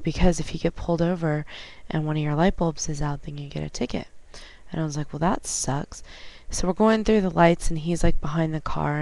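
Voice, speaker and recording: A woman vlogging at home on a webcam, chatting casually and retelling conversations with lively quoted dialogue. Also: low-pitched, no echo. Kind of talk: casual storytelling.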